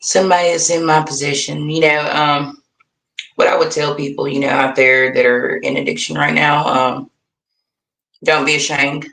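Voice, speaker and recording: A woman's voice: deep voice, little pitch movement, normal speed, vocal fry, a bit bright. A woman with a Southern US accent, a guest on a streamed interview, who talks casually, says y'all, and laughs easily. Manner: laughs easily, uses y'all and you know. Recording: echoey room on a call.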